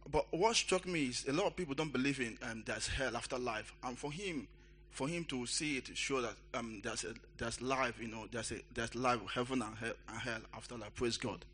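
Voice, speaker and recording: A man giving a testimony in church, telling his story in a halting, repetitive way with many restarts. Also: medium pitch, a bit bright, a little hiss or hum.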